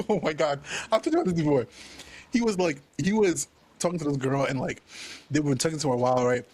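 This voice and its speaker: Husky-voiced man hosting a reaction show. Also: a little high. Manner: animated storytelling, repeats "bro". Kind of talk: casual reaction chat.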